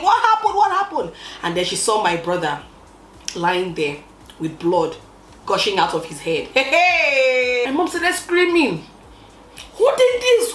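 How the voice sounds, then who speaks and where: A young woman telling a storytime with expressive, dramatic emphasis, drawing out key words. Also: mid-range voice, roomy sound, slight background noise, low-quality recording. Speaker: vlogger. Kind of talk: casual storytime.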